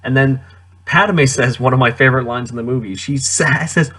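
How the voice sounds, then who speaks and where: Man, casual movie review vlog, sarcastic, incredulous, mid-pitched voice. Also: a little fast, fairly bright tone, breathy edge. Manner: sarcastic, incredulous, laughs often.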